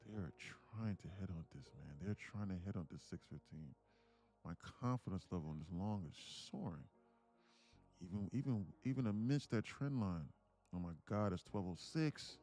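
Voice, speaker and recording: A man day trading on a live stream, talking to himself in low mutters and sudden excited bursts, laughing often. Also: normal speed, soft background music. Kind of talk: casual live-stream commentary.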